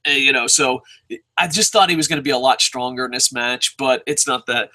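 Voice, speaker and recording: A man hosting a casual wrestling show review, excitable and profane, rambling with restarts and bursting into shouts. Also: mid-range voice, brisk.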